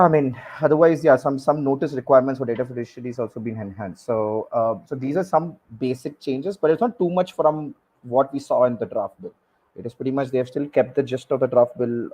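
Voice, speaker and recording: A man, speaking as a guest expert on a panel, halting and repeating words with many fillers. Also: mid-range voice, mellow, breathy edge, poor audio. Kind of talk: panel discussion.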